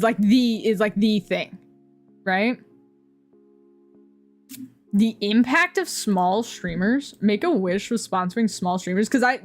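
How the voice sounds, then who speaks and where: A young woman streamer chatting casually, rambling and swearing, often laughing at her own jokes. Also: a little high.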